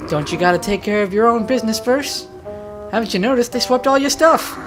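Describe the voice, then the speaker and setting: A woman's voice: a little high, expressive, brisk, music in the background, lightly acted. A woman voicing a cocky, streetwise male mole creature with a New York accent, chummy and brash. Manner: brash, chummy, calls listener pal.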